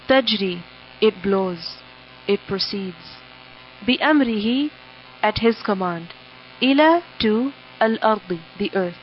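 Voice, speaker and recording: A woman teaching a word-by-word translation of the Quran, reading each word and then giving its English meaning in short, measured phrases. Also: mid-range voice, expressive. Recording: dull audio with faint mains hum.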